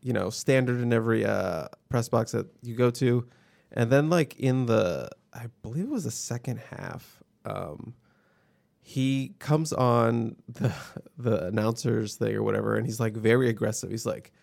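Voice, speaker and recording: Man, gravelly voice, mid-pitched, casual sports podcast chat, easygoing storyteller. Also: measured pace, a little mellow. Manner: easygoing storyteller, acts out quotes.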